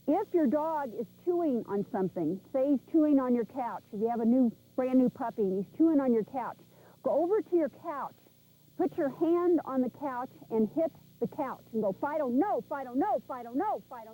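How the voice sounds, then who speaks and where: A woman's voice: high voice, animated, normal speed, mellow, poor audio. A woman animal trainer leading a class, talking casually and repeating commands with firm emphasis. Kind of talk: instructional class talk. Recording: VHS video recording.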